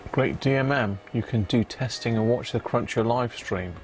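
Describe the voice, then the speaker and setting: In a medium-pitched voice at a moderate pace, with slight background noise, a man hosts a casual live stream while repairing a vintage radio. He chats with viewers, answers the live chat, and mumbles to himself as he tests parts at his electronics bench.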